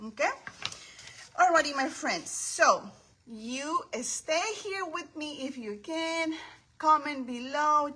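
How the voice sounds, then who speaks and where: A woman hosting a casual craft livestream from her home craft table, chatting warmly with viewers by name and calling them her friends. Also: sits high, poor audio.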